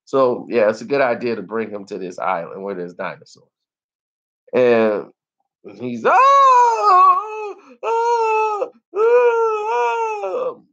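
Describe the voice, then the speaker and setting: Man reviewer, unhurried, lively and laughing, slightly muffled lo-fi sound. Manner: animated, laughs often, acts out scenes in high squeals. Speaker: movie reviewer. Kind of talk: casual movie review.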